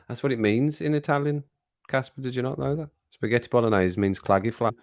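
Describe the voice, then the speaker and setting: Talking to his live chat, a middle-aged streamer from Birmingham, England, keeps things jokey and meandering, chuckling a lot along the way. His medium-pitched delivery is measured, with frequent pauses.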